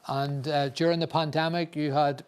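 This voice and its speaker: A man's voice: fairly high pitch, level tone, moderate pace, smooth. A man hosting an awards ceremony in a chatty, joking way, often restarting his sentences. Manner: chatty, jokey, with frequent restarts. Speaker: awards event host.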